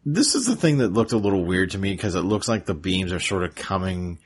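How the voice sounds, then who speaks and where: A man's voice: low voice, animated, brisk, breathy edge. A male podcast host recapping a cartoon episode in a laid-back, rambling way.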